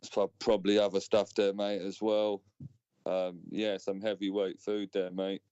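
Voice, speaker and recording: Relaxed co-host in his thirties, smooth low voice, dull dry mic. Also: dry recording. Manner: laid-back, drawn-out fillers and "mate". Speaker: co-host of a live stream. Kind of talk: casual chat. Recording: dull, dry home recording.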